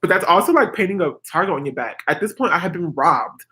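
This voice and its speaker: A woman in her twenties, a vlogger, casually telling a story to her viewers in an animated, chatty way, full of "like" and "girl". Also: on the low side, quick pace. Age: 20s.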